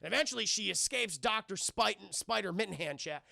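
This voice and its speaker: A young man casually recapping a film scene by scene for a live chat. He is animated and profane, keeps addressing the chat and thanks viewers for donations. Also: high voice, a little fast, gravelly, no echo, clean studio sound. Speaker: film reviewer streaming live.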